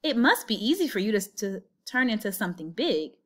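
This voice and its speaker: A woman's voice: mid-range voice, very animated, fairly quick, a bit bright. A woman reading aloud and voicing a boastful, clever talking male cat in a storybook. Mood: scheming. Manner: bold, scheming, showy.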